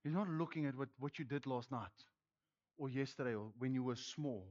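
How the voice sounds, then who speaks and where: A middle-aged man with a New Zealand accent preaching a sermon, swinging between fired-up shouting and quiet tenderness. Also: mid-range voice, a little fast, highs cut off. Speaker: pastor.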